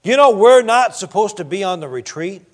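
A man preaching a sermon in a church, reading scripture slowly and swinging between loud emphasis and quiet asides. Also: high voice, expressive. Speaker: pastor.

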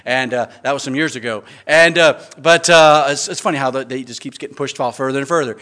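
A man's voice: mid-range voice, fairly quick, bright, forceful tone. A middle-aged man preaching an earnest sermon as pastor, with frequent stammering restarts and emphatic rises.

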